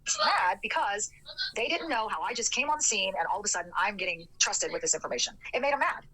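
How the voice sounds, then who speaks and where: A woman's voice: medium pitch, fast talker, pushed and bright, poor audio. A woman on a livestream, rambling and defensive as she tells her side of a story. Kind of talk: livestream rant.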